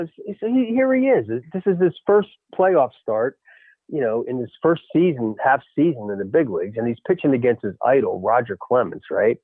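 A former baseball coach telling a lively story in a radio interview, peppering his talk with "you know" and "right?". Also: medium pitch, no room sound. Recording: tinny phone line.

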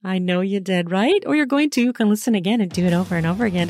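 A woman's voice: medium pitch, quick pace, hardly any pauses, darkish tone, faint music behind. A woman hosting her own podcast, signing off in a casual, effusive and giggly way, talking earnestly to her listeners. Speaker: podcast host.

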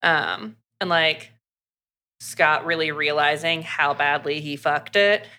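Woman podcast co-host, bright tense tone, lowish voice, chatty recap peppered with "like" and quoted dialogue. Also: steady tone. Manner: chatty, fast recap full of "like" and acted quotes. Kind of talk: casual book recap.

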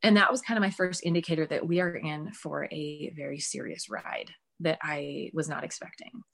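A woman guest on an interview, telling the story of her young son in an animated way and acting out her own past reactions. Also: low-pitched, moderate pace, gravelly. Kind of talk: emotional personal storytelling.

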